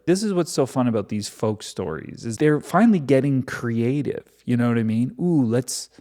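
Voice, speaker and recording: Man, mid-pitched voice, Bible reading, sarcastic asides, mocking commentary. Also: a little mellow.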